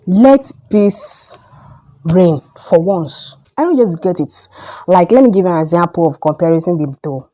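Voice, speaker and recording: A young Nigerian woman with a Nigerian accent, giving an emphatic opinion vlog that repeats its points and jumps up in pitch when heated. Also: animated, a little slow, warm tone. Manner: emphatic, repetitive, rises sharply when heated. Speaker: vlogger.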